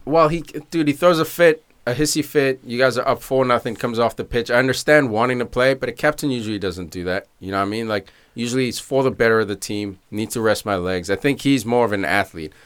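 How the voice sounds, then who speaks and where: A man's voice: medium pitch, quick pace, hardly any pauses, fairly bright tone, clear, resonant tone. A man co-hosting a casual soccer podcast, laid-back and rambling through his opinions. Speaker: podcast co-host. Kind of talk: casual chat.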